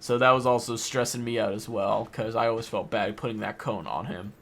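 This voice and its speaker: A man's voice: lowish voice, brisk, vocal fry, a bit bright, a little hiss or hum. Emotional young man rambling casually. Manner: rambling, heavy on "like" and "or whatever". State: emotional, voice wavering. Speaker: gaming vlogger. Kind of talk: casual personal talk over gameplay.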